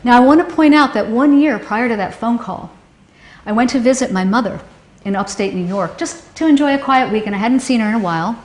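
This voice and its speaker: A woman with a fairly high voice tells a painful story from her own life. She speaks haltingly, with emotion, often breaking off and starting her sentences again. Her voice carries a noticeable echo from the room. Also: lively intonation, a little mellow. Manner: halting, emotional, with many restarts. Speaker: storyteller recounting a personal loss. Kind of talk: personal testimony. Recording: roomy echo.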